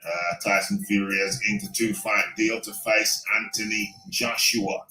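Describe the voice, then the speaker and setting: A man's voice: on the low side, fairly even intonation, moderate pace, few pauses, pushed and bright. Rambling British man hosting boxing talk. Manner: rambling, talks to himself, repeats phrases. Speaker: boxing talk show host. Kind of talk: solo live-stream chat. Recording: roomy echo, faint music.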